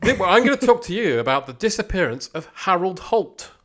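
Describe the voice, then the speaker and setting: Lively, jokey male podcast host. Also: high-pitched, a little fast. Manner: jokey, laughs often, stumbles over words. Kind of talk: casual history chat.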